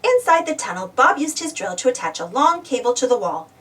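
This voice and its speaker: A woman gently reading a children's storybook aloud as a storyteller. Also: sits high, sing-song, fairly quick, recorded from a distance.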